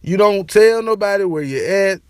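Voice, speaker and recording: A young man with a high voice delivers a casual opinion rant straight to camera. He talks in slang, repeats his catchphrases and keeps things animated. The sound is close and dry with no room echo. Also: moderate pace. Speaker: sports and entertainment vlogger.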